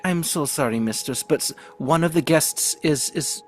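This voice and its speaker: A man's voice: a little high, moderate pace, voice pushed up, lightly acted. Nervous servant girl, stammering apologies, played by a man.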